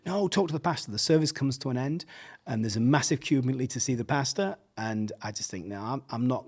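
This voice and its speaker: A middle-aged English man telling a story casually, animated, laughing often and acting out the voices he quotes. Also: medium pitch, fast talker, husky. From England. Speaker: podcast guest, pastor.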